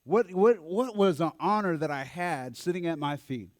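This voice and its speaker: A man giving a storytelling talk at a church mental health forum, animated and acting out the voices of people he quotes. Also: on the high side, normal speed, dry recording, clean studio sound.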